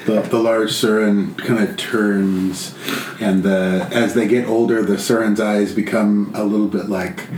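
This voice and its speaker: A man narrating as game master of a tabletop game, slowly building vivid descriptions. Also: fairly low pitch, fairly even intonation, a little mellow. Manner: slow, laughing, descriptive. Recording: echoey room with background noise.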